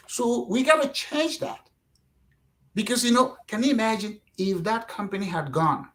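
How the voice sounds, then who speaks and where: Animated Nigerian-born man telling stories. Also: high-pitched, normal speed, poor audio. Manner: animated storyteller, acts out quotes, frequent "you know". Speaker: guest. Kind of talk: casual interview talk.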